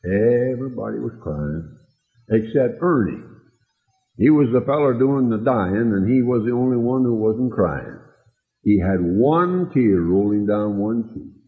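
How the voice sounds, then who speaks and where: A man preaching, telling a tender story slowly and dropping soft and low when he quotes people. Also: expressive. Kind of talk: sermon storytelling. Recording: tinny lo-fi recording in a long-echo hall.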